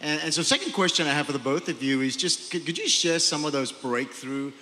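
A man's voice: on the high side, fairly quick, pushed and bright. A man interviewing pastors, stammering and restarting as he asks his questions. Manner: stammering, restarts, affirming amens. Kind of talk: church panel interview. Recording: long hall reverb, faint ambience.

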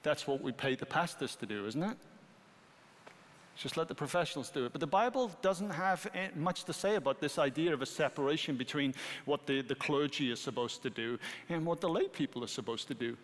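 A middle-aged British man preaching a sermon as pastor, animated and rising to emphatic peaks. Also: a little high, brisk. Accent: British English. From Britain. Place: church sanctuary. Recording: long hall reverb.

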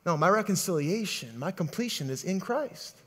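High-voiced animated male preacher. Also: moderate pace, slightly rough. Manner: animated, conversational, repeats words while building to points. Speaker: pastor. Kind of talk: sermon.

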